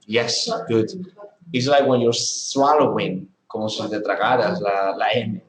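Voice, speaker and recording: Slow-talking male English teacher, echoey room. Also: lowish voice, fairly even intonation. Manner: models pronunciation by repeating words, questioning students. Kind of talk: classroom teaching. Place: classroom. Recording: echoey classroom.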